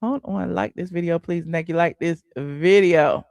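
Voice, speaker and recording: Woman gossip host, sassy and chatty, gravelly voice, dry close sound. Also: on the low side, moderate pace, darkish tone, no echo. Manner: sassy, chatty, says "honey" and "okay". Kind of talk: casual celebrity gossip livestream.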